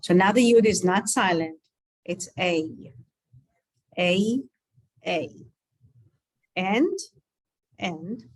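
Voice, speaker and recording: A woman's voice: on the low side, drawn-out words, long pauses, dry recording. A woman from Israel teaching an online Hebrew class over a video call, patiently repeating letter sounds with chatty asides.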